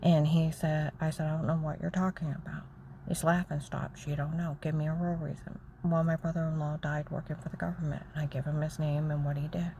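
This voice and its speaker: A woman telling a long, rambling, agitated story about her own grievances, repeating herself and acting out other people's shouting. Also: deep voice, little pitch movement, brisk, dull audio, slight background noise. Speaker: storyteller recounting personal grievances. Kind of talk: rambling personal monologue.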